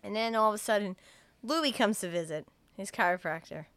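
A woman's voice: medium pitch, fairly quick, no echo. Young woman, podcast co-host, recaps a film loosely, laughs a lot, performs quotes big, dry close sound. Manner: animated, laughs often, acts out characters' lines in loud raised voices. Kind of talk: casual chat, recapping a movie scene by scene.

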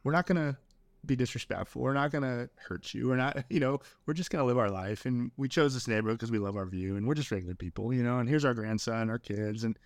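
A middle-aged man in candid podcast conversation, earnest and openly emotional, with a casual habit of calling people "man" and "dude". His voice sits at an ordinary pitch and sounds close and dry, with no room around it. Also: fast talker, no room sound. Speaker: podcast guest.

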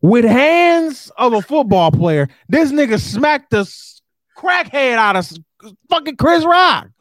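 A man with a high voice co-hosts a casual podcast and rants in a profane, emphatic way. His voice is dry and close, with no room sound around it. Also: a little slow, no room sound. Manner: animated, profane, emphatic ranting. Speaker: podcast co-host. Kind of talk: casual chat.

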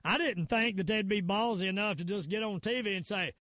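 A man's voice: high-pitched, a little fast, hardly any pauses, fairly bright tone, dry recording. A man with a Southern US accent hosting a podcast, ranting in a rambling, emphatic way full of fillers and restarts. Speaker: podcast host. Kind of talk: casual conspiracy-minded rant.

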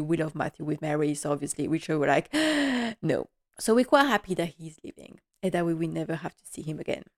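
Gushing, chatty woman recapping a show. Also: low voice. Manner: chatty and gushing, with frequent laughs. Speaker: TV recap vlogger. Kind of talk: casual episode recap.

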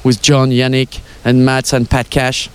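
A man's voice: medium pitch, completely flat delivery, unhurried, clean tone. An older man with a French accent, a former tennis pro, answering interview questions casually and playfully, with lots of fillers and hesitations.

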